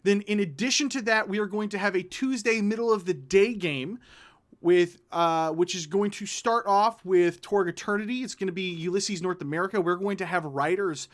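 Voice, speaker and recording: A male host with a notably high-pitched voice, chatting casually to his cast. He rambles, doubles back and restarts sentences as his thoughts catch up. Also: moderate pace. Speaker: show host. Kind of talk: casual podcast chat.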